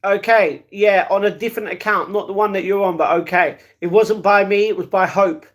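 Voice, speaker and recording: A young man with a fairly high voice chats loosely with his live-stream audience, reading comments and answering them. He talks in a rambling, affectionate way, dropping "darling" and "mate" as he goes. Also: brisk, fairly bright tone. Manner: chatty, calls viewers darling and mate.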